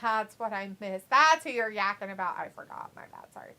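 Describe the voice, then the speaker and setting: Bright-voiced giggly woman hosting a stream. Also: medium pitch, lively intonation, a little fast. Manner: giggly, playful, sing-song outbursts. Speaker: watch-along stream host. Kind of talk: casual live-stream chat, reading out chat messages.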